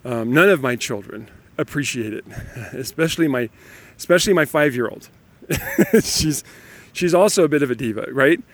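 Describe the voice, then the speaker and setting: Speaking at an ordinary pace in a mid-range voice, a dad in his thirties or forties recounts parenting anecdotes. The monologue is relaxed and animated, and he laughs a lot.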